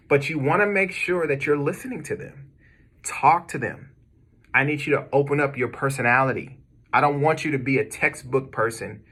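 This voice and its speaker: A man's voice: medium pitch, bright, forceful tone. An American man giving his cold-calling team an emphatic, repetitive motivational training talk to camera. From United States. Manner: emphatic, repetitive, direct pep-talk delivery. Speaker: business owner coaching cold callers. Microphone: camera video, speaking to viewers.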